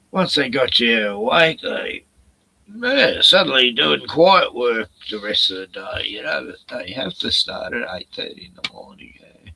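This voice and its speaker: A man's voice: medium pitch, gravelly, sharp tone, husky, rough recording. A man chatting on a live stream in a rambling, profane rant full of sarcastic jokes, short on sleep. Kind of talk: casual ranting chat.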